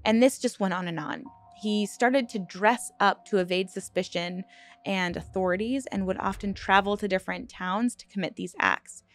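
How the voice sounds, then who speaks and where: A woman hosting a true crime channel, telling a dark case in a casual, earnest way with asides and fillers, sometimes choked up. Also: mid-range voice, moderate pace, soft background music. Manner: earnest, emotional, choked up at times; conversational with many fillers and restarts.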